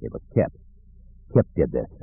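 A man voicing a gruff, impulsive middle-aged man in an audiobook, speaking grimly and curtly. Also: moderate pace, no echo, close to an everyday voice. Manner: grim and clipped. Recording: narrow phone-like audiobook recording.

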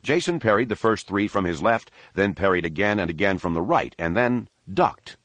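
Deep-voiced male audiobook narrator. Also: expressive, moderate pace, fairly bright tone, no room sound. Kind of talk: scripted narration.

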